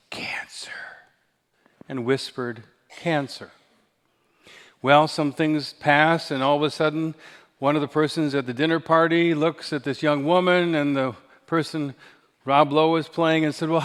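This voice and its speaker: A man's voice: mid-range voice, a bit bright. A man in his sixties preaching a sermon, telling stories with acted-out whispers and dry humor. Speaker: pastor. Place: large church sanctuary. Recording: reverberant church hall.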